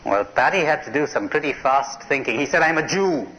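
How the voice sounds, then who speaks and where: A man's voice: medium pitch, expressive, brisk, very noisy. A middle-aged man giving a live talk at a spiritual conference, asking his listeners questions and telling jokes. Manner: questioning, tells jokes to an audience. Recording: dull lo-fi cassette tape recording.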